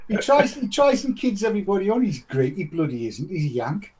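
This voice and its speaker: Jokey co-host. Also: male voice, sits high, very animated, brisk, heavy background noise. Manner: jokey, banters. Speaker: show co-host. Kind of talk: casual studio chat.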